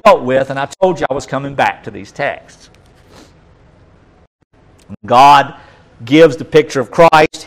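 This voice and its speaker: A male pastor preaching a sermon, reading scripture aloud with dramatic emphasis and dropping to quiet asides. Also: mid-range voice, poor audio.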